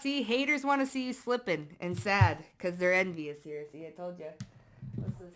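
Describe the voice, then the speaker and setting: A woman giving a casual tarot reading to her viewers, blunt and profane, swinging between loud emphatic bursts and low muttered asides. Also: normal speed. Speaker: psychic tarot reader.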